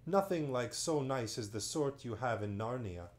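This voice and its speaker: A man's voice: medium pitch, expressive, normal speed, lightly acted. Brief: fond old storybook wizard, voiced by a male reader, easygoing and tolerant. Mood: amused. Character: amused old male magician, kindly.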